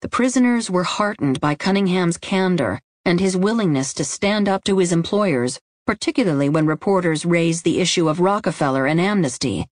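A woman narrating a nonfiction audiobook in a measured, even reading style. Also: lowish voice, no room sound, studio quality.

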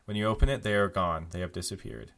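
A man running a tabletop game as game master, narrating in a relaxed way with many fillers. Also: on the low side, fast, vocal fry.

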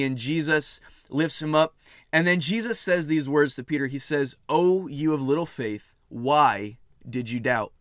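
A man's voice: on the high side, fairly bright tone, no echo, clean studio sound. A man preaching a sermon in an earnest way, repeating phrases to build emphasis.

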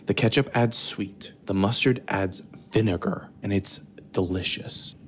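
Low-voiced joking man on a phone. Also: fairly even intonation, unhurried, a little hiss or hum. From United States. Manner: profane, jokey, talks quietly with sudden loud bursts. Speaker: podcast host. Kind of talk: rambling late-night kitchen monologue. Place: home kitchen at night.

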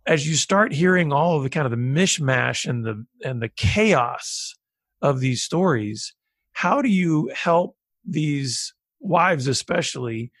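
A man's voice: a little high, lively intonation, slow, no echo, studio quality. A man hosting an interview, asking long, thoughtful questions. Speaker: podcast host.

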